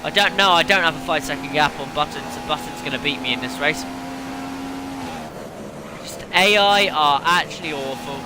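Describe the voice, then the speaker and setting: A gaming channel host with a slightly high voice speaks at normal speed, ranting and cursing in frustration as he hosts a racing game video. Engine noise from the racing cars in the game runs under his voice.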